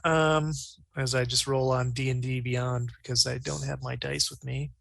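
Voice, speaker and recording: Man, tabletop player, excitable, gravelly, sharp tone, dry sound. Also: medium pitch, moderate pace, no echo. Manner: excitable, laughing often. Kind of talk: casual tabletop game chat.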